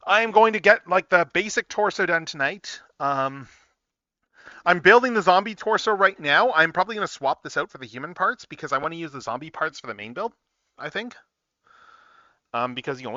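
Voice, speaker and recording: A man hosting a casual livestream, rambling and excitable as he thinks out loud while he works on a build. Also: a little high, a little fast, pauses often, no room sound. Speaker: livestream host building model kits. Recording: dull lo-fi, dry sound.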